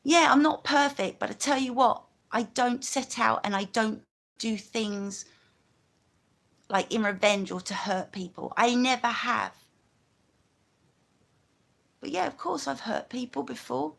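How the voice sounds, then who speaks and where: A woman's voice: on the high side, unhurried, creaky, long pauses, a bit bright. A woman from London with a London accent, talking in a rambling, chatty way on a casual live stream, full of asides.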